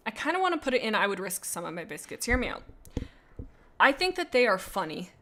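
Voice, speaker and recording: A woman's voice: mid-range voice, very animated, quick pace, a bit bright, slight background noise. Goofy, rambling woman streamer. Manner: rambling and self-interrupting, with many restarts and asides; playful, goofy. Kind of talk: casual live-stream chat, reading viewer comments.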